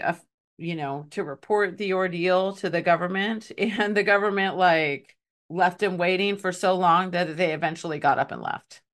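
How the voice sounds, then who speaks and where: A woman's voice: fairly low pitch, a bit bright. A woman telling a story in a casual podcast chat. She laughs often and fills her talk with "like". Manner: chatty, laughs often, many "like" fillers.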